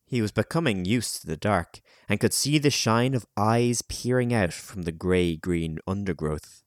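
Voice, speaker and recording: A man narrating an audiobook chapter in a measured, dramatic storytelling manner. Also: on the low side, dry recording, studio quality.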